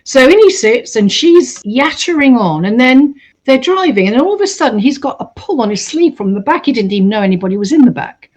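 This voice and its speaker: A woman recounting a true story in a casual, animated way, acting out the voices of the people in it. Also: high-pitched, brisk. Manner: animated, acts out quoted voices. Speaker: storyteller host.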